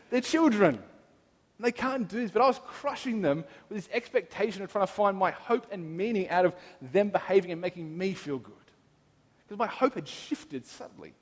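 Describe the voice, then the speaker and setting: A man in his thirties preaches, his voice sitting high for a man. He speaks in a personal, earnest way and reflects on his own life. His words ring out with a long reverb, as in a large church hall. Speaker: pastor. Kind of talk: sermon.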